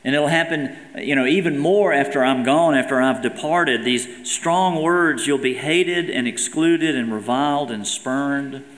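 Male pastor, earnest sermon delivery with emphatic scripture readings, mid-pitched voice, recorded in a reverberant church hall. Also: a little slow, few pauses, a bit bright. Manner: earnest preaching, reads scripture quotes aloud with emphasis. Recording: echoey hall with long reverb.

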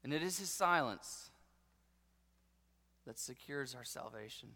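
A man preaching a sermon with passion, dropping to a hush and then rising to loud declarations. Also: medium pitch, expressive, unhurried. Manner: impassioned preaching, swinging between hushed and loud. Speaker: pastor. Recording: long hall reverb.

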